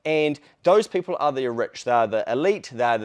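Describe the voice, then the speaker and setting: A man's voice: mid-range voice, moderate pace. A man hosting a podcast, ranting in a casual, blunt, profane way. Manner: blunt and profane, with animated quoted voices. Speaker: podcast host. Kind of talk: casual opinion rant.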